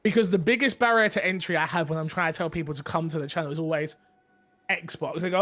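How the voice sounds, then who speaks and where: A man hosting a casual gaming podcast, talking in a rambling, animated way with many restarts. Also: fairly high pitch, quick pace, soft background music. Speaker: podcast host. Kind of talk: casual group chat.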